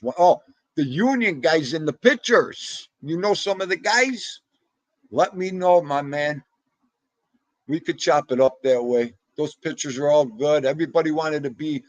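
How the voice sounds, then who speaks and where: Gravelly, husky-voiced male livestream host. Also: normal speed, dry recording, rough recording. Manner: chatty and excitable, with sudden pitch jumps. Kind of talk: casual livestream chat.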